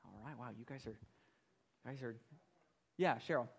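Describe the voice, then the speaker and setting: A man's voice: mid-range voice, moderate pace, creaky, breathy edge. A man pastor teaching a Bible class, earnest and explanatory, often repeating words as he explains.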